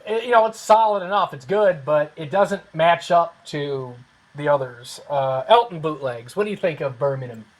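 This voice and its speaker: High-voiced man hosting a hedging chat. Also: expressive, normal speed, poor audio. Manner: rambling, hedging with fillers. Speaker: host. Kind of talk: casual online panel chat.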